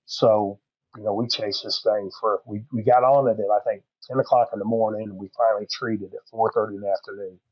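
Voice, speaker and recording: A man's voice: on the low side, fairly even intonation, a little fast, no echo, lo-fi sound. A middle-aged man telling a long hunting story on a podcast, rambling and folksy with plenty of fillers. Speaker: podcast guest. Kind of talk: casual storytelling.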